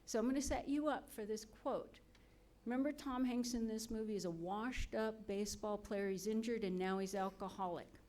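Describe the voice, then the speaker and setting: A woman's voice: mid-range voice, normal speed, darkish tone. A woman on the medical school faculty giving an earnest, motivational ceremony speech into a podium mic, putting questions to the audience.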